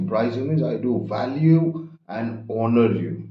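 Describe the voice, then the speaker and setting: Male teacher, reads and paraphrases lines, animated pitch, echoey lo-fi recording. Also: a little slow. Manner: reads quoted lines then paraphrases them. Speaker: English teacher. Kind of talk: line-by-line explanation of a play. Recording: echoey room, dull lo-fi sound.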